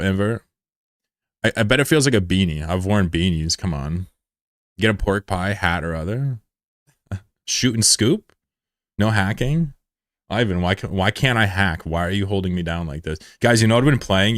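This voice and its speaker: A man's voice: deep voice, no room sound, studio quality. A young man streaming and chatting casually with viewers, joking and swearing loosely as he talks. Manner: loose, profane, joking banter. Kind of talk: casual live-stream chat.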